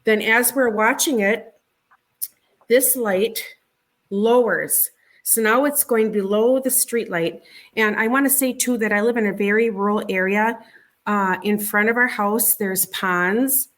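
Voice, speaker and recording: A middle-aged woman tells a personal story as an interview guest. Her voice sits in a plain, middle pitch. She talks in a halting, conversational way, repeating words and starting over as she goes. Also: a bit bright. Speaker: interview guest recounting a sighting.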